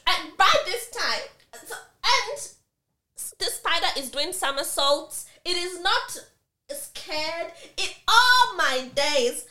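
High, lively woman telling a dramatic story. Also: roomy sound. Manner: dramatic, swearing, acts out quoted people. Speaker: podcast co-host. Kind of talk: casual chat, animated storytelling.

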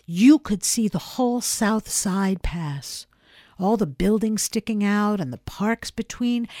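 A woman reads a story aloud in a gentle, expressive way. She takes her time, letting her pitch rise and fall a great deal. The recording is dry and close, with no room sound. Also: no room sound. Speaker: reader. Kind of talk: storybook narration.

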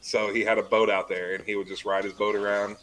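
A man's voice: lowish voice, little pitch movement, fast talker, a bit bright, a little hiss or hum, low-quality recording. A man, a podcast guest, telling rambling stories about bartending in a casual chat. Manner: rambling, laughing storyteller full of "like" and "you know".

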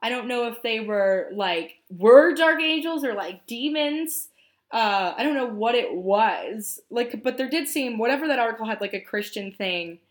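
A woman's voice: a little high, expressive, moderate pace. A young adult woman hosting a casual movie podcast, chatty and rambling, laughing often. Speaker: podcast host.

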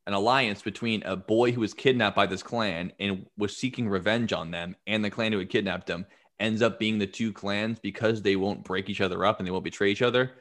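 A man's voice: on the low side, fairly quick. A man casually retelling history on a podcast, swearing freely and acting out what people said. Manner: profane, animated retelling with acted-out quotes. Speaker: podcast host telling history. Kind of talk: casual storytelling chat.

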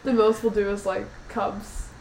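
Animated New Orleans woman in an echoey room. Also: mid-range voice, a little slow, a little hiss or hum. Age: 20s. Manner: animated, storytelling, opinionated. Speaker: podcast co-host. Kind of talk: casual chat.

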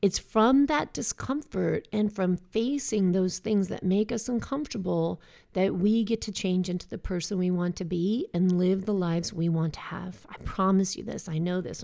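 Speaking at a normal speed, this middle-aged woman has a medium-pitched, slightly mellow voice marked by vocal fry. A life coach and breast cancer survivor, she delivers a blunt, forceful motivational monologue sprinkled with offhand profanity.

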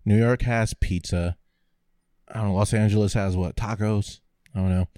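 A man's voice: on the low side, fairly even intonation, moderate pace, warm tone, no echo, clean studio sound. A man co-hosting a casual podcast chat, rambling and laughing often. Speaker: podcast co-host.

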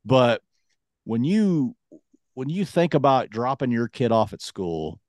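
A man's voice: mid-range voice, very animated, slow pace, a little mellow, no room sound, studio quality. A man in his thirties co-hosting a casual podcast, talking earnestly and dropping his voice when serious. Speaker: podcast co-host. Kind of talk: casual chat.

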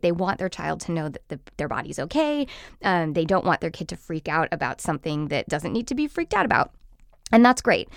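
A woman in her thirties hosting a parenting podcast, explaining advice to parents in an earnest, steady way. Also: on the low side, creaky, dry recording, clean studio sound.

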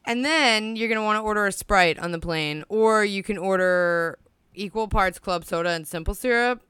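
Chatty podcast co-host, a woman; bright crisp voice, dry close mic, laughs easily. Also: medium pitch, normal speed, dry recording. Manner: giggly, swearing, rambling. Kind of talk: casual chat.

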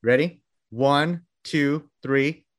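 Also from Texas, this publication founder conducts a relaxed interview, eager and rambling with many restarts. His voice is a little high and his delivery extremely slow.

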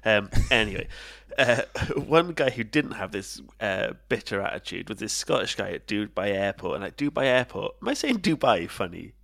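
Gravelly, tired man telling anecdotes. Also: fairly low pitch, lively intonation, normal speed, few pauses, fairly bright tone. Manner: rambling anecdotes, swears a lot, laughs often. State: jet-lagged and tired. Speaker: podcast co-host. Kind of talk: casual chat.

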